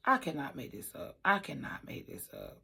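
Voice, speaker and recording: A woman trucker telling a story in a casual vlog, animated and emphatic, repeating lines for effect. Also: deep voice, normal speed, creaky, breathy edge. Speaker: trucker and trucking school staff.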